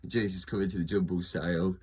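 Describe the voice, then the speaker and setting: A man's voice: low-pitched, steady tone, fast talker, darkish tone, slightly rough. A man talking in a casual, rambling monologue, joking, laughing often and trailing off mid-sentence. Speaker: video host.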